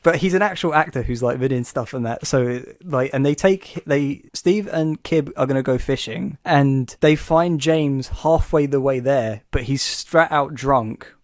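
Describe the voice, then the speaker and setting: A man's voice: medium pitch, measured pace, few pauses, no echo, clean studio sound. A man hosting a podcast in casual chat, an enthusiastic and rambling storyteller. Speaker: podcast host.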